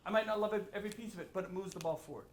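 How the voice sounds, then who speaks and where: A man, a state governor speaking bluntly and ranting at a forum, with quick asides. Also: high voice, a little hiss or hum. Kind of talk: impassioned public remarks. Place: large echoey room with an audience. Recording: roomy echo.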